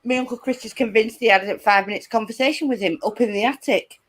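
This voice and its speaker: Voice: medium pitch, fast. Chatty Lancashire storyteller. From northwest England. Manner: lively anecdote-telling, many fillers. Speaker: guest. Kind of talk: casual chat, storytelling.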